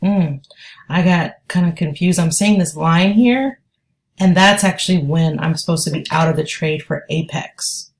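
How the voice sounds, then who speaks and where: A woman's voice: low-pitched, normal speed. A woman day trader giving live trading commentary, thinking aloud and hesitant as she talks.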